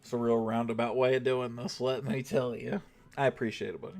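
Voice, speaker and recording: A man's voice: medium pitch, little pitch movement, brisk, darkish tone, faint music behind. A young man streaming a mobile game, chatting casually with viewers and swearing now and then. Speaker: gaming livestreamer. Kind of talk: casual live-stream chat.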